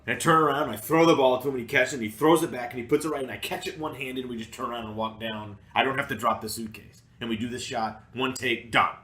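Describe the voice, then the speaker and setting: Bright, animated male podcast storyteller. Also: mid-range voice, fast talker, hardly any pauses. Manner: animated, acts out quotes, laughs often. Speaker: podcast co-host. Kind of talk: casual storytelling chat. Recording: roomy echo.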